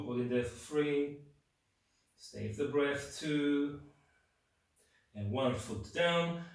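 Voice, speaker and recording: A male yoga instructor guiding a class, giving calm, steady cues and counting down holds while a little out of breath from demonstrating. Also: mid-range voice. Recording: very echoey room, mic far off.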